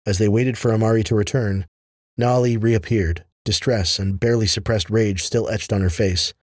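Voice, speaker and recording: Male audiobook narrator, low husky voice, measured fantasy reading, dry close recording. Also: fairly even intonation, no room sound.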